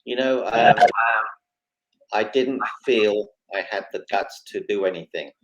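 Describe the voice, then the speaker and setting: A man, a guest on a talk show, telling a personal story with lively, dramatic retelling and quoted dialogue. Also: fairly low pitch, unhurried, dull audio. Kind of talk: emotional storytelling.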